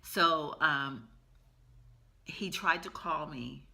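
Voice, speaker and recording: A middle-aged woman telling a personal story in a storytime vlog, emotional and halting, with many fillers. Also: low-pitched, vocal fry, sharp tone. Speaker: vlogger.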